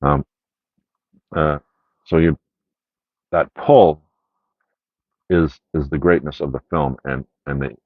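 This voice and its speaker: In a casual, unscripted media haul video, a man walks through his picks in a rumbling low, steady voice, speaking slowly and pausing often. His rambling is full of fillers and "right?" check-ins, captured in dry, dull lo-fi sound.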